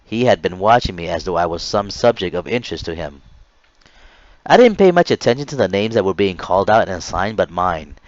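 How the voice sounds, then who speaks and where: A man's voice: low voice, expressive, fairly quick, dry recording, muffled recording. A man in his late thirties reading his own memoir chapter aloud, earnest, with small stumbles and restarts.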